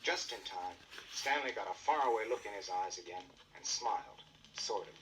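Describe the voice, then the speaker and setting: Bright male storyteller on an old record. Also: lowish voice, animated, normal speed, recorded from a distance, a little hiss or hum, low-quality recording. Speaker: narrator.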